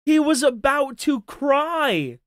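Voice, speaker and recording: A woman's voice: high voice, sing-song, slow, dry recording, studio quality. A woman doing casual reaction commentary over a stream clip, mocking and profane, repeating her jabs.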